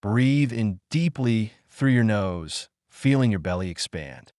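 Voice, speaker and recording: A man reading a self-help audiobook in a measured, emphatic instructional manner. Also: on the low side, animated, a little mellow, dry recording, clean studio sound. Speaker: audiobook narrator. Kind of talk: scripted audiobook narration.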